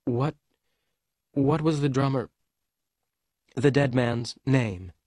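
A man reading as a cold, sharp young blonde woman. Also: medium pitch, slow, dry recording, clean studio sound, pitched above the performer's own voice, natural voice. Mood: worried. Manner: curt, icy delivery. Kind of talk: audiobook reading for English learners.

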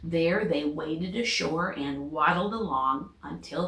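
A woman teacher reading a children's storybook aloud with expressive, lively character voices. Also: low-pitched, slow pace, few pauses, reverberant.

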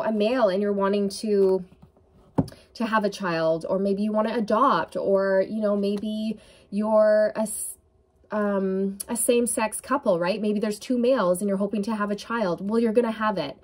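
A tarot reader gives an intuitive reading to camera, earnest and emotional, with many fillers and moments of tearfulness. Her voice is medium-pitched with a darkish tone, at a normal speed.

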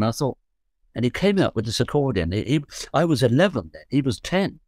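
A man's voice: medium pitch, very animated, a little fast, darkish tone, dry recording, studio quality. A man in his seventies from London, a guest musician recalling his youth in rambling, self-correcting, joking talk. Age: 70s. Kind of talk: relaxed storytelling.

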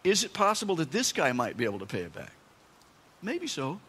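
Bright-voiced preacher guy telling a bible story, lively ups and downs, echoey church. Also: on the high side, brisk, husky. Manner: animated storytelling with asides and dramatic emphasis. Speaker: pastor. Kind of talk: sermon. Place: church sanctuary. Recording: long church-hall reverb.

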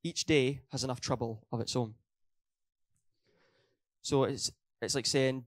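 A man's voice: mid-range voice, steady tone, a little slow, long pauses. A young man preaching a sermon in a church hall, earnest, hammering his points home by repeating them and correcting his own slips.

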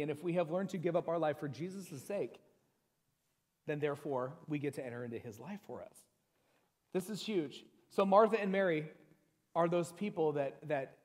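A middle-aged man preaching a sermon as pastor, talking in a conversational, joking way with personal stories and reading scripture slowly with emphasis. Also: fairly high pitch, a little mellow. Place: church sanctuary. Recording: long church hall reverb.

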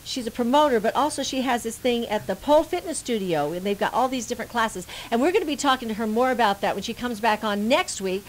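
Bubbly lady radio host, kinda high voice, chatty, faint hiss behind. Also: quick pace, few pauses, poor audio. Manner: bubbly, laughs often. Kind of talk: casual radio talk show chat. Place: radio studio.

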